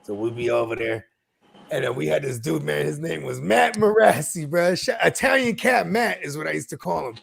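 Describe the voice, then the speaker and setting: A man co-hosting a podcast, talking in a casual, slangy, animated way and laughing often as he tells stories. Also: a little high, normal speed, gravelly, husky. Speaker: podcast co-host. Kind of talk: casual chat.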